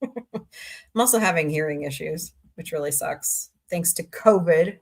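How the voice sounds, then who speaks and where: Her voice sits low and a little mellow, with lively intonation and an unhurried pace. She's a middle-aged streamer from Southwest Missouri, loose and talkative, answering chat messages in a rambling, casual livestream.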